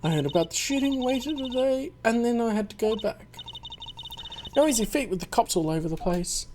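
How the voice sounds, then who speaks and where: A man's voice: extremely high pitch, lively intonation, moderate pace, noisy background. A man voicing a cunning, haughty young woman under questioning, coy and scheming in tone, read aloud over a video game.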